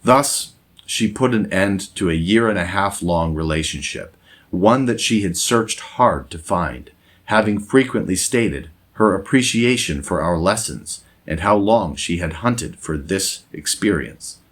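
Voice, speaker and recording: A man reading a moralizing essay aloud in a measured, deliberate scripted narration. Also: low voice, animated. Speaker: essayist and former English teacher.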